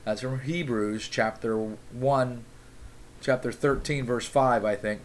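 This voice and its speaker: A man's voice: medium pitch, steady tone, a little hiss or hum. A man reads from a devotional book in a mid-range voice, stopping often to add his own commentary. His manner is earnest and informal, with frequent "okay?" check-ins and bursts of fired-up asides. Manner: earnest, breaks into fired-up tangents and quick apologies. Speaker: devotional reader and lay preacher.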